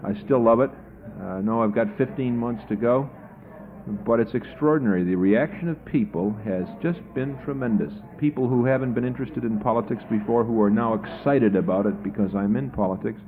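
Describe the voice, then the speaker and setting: A man's voice: medium pitch, a little fast, narrow, tinny audio. A man running for office answers a radio interviewer in a chatty, anecdotal way, sounding tired and often repeating his first words. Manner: chatty storyteller, repeats words when starting sentences. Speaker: political candidate.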